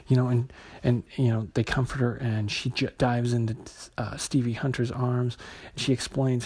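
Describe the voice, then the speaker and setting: Man for a comic review vlog: husky voice, halting delivery with lots of ums and restarts. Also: medium pitch, level tone, darkish tone. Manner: hesitant, many fillers and restarts. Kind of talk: casual spoken review.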